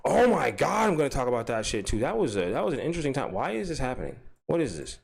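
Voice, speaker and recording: A man hosting an unscripted commentary vlog, swinging between loud mock-threatening rants and low muttering. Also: quick pace, gravelly, husky. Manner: loud and animated, pitch jumping up high; drops low and mumbly, muttering to himself. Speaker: commentary channel host.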